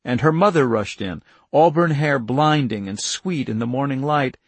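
A man narrating an audiobook in a measured, even storytelling manner. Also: medium pitch, husky, dry recording. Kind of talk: scripted narration.

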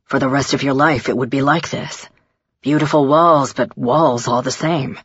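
A woman narrator voicing a gentle, earnest young male prince who speaks softly and tenderly, on a dull lo-fi recording. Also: on the high side, steady tone, moderate pace, husky, dry recording. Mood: somber. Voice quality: soft-spoken, tender.

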